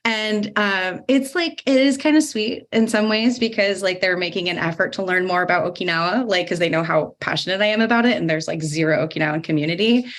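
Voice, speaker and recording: A woman's voice: medium pitch, fairly quick, hardly any pauses, a bit bright. A woman moderating a podcast panel, who talks in a casual, reflective way. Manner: casual, reflective talk with many fillers.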